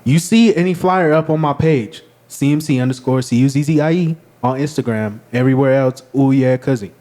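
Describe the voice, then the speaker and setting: A man's voice: medium pitch, brisk, mellow. A man appearing as a musician guest on a podcast, telling stories in an emphatic, playful way. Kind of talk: casual chat.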